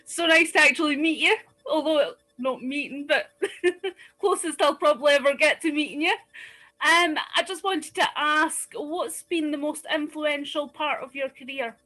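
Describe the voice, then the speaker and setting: A woman's voice: sits high, moderate pace, sharp tone. A young woman from Scotland, an audience member asking a question on a video call, eager and a little shy.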